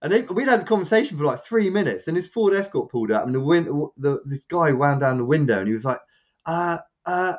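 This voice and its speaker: A man co-hosting a podcast rambles through a casual anecdote, animated and quick, raising his pitch to act out what other people said. The recording sounds muffled.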